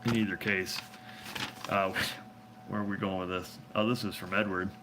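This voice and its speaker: A man's voice: low-pitched, level tone, moderate pace, very noisy. A man hosting a casual live chat, answering viewer questions in a rambling, joking way and laughing often, recorded on a phone.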